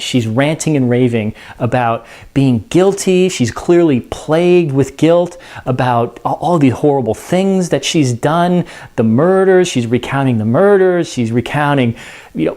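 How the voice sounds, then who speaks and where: A man's voice: a little high, a little mellow. A man explaining a play in a casual spoken lesson, conversational and full of "you know" and restarts. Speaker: teacher.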